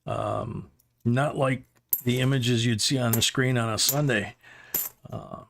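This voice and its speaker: A man's voice: mid-range voice, steady tone, slow, gravelly, fairly bright tone, slight background noise. A middle-aged man hosting a livestream, rambling through a casual anecdote with chuckles. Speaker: livestream host.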